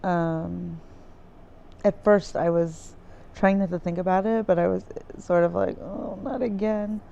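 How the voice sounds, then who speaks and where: Mellow gravelly-voiced woman rambling. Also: lowish voice, steady tone, unhurried, lo-fi sound. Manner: rambling, searching for words, many fillers. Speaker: vlogger. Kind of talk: casual diary-style recap. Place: dim room indoors by a window with trees outside.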